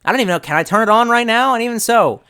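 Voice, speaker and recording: A male streamer talking off the cuff, swearing freely and wandering from topic to topic. His pitch swings widely as he reacts. His speech is loose, chatty and unscripted. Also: animated, very fast, bright, forceful tone, clear, resonant tone. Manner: profane, rambling, reads chat aloud. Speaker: live streamer. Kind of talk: casual live-stream chat.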